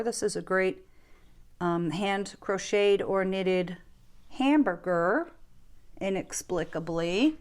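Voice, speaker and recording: A woman's voice: medium pitch, darkish tone. A woman giving a casual, enthusiastic show-and-tell of her vintage ornament collection in her living room. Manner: chatty, enthusiastic, gushing over finds.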